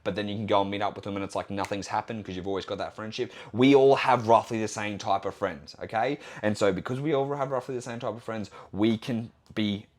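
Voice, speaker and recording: A man's voice: on the low side, steady tone, fast talker, few pauses, a little mellow. A young Australian man hosting a solo podcast as a fitness trainer, talking bluntly and assertively with plenty of swearing.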